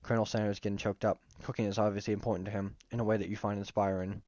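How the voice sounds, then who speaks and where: A man's voice: fairly low pitch, level tone, very fast, hardly any pauses, darkish tone, dry recording, lo-fi sound. A man streaming a casual game playthrough, reading the text aloud and joking and swearing at it.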